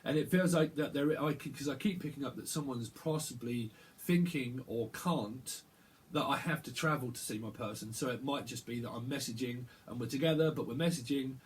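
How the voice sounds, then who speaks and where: Male tarot reader, channeled reading, rambling, halting delivery with lots of repeats, average pitch. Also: a little hiss or hum.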